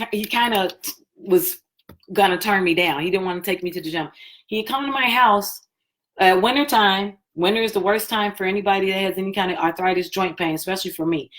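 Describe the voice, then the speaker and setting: A woman hosting a live stream, telling her personal story in a chatty, animated way and acting out what people said. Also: medium pitch, slight background noise. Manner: chatty, animated, acts out quoted talk.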